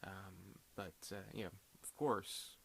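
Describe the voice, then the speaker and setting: Rambling low-voiced man reviewing a film. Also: slow pace, vocal fry, a bit bright, a little hiss or hum. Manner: rambling, full of fillers and restarts. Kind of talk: casual video review.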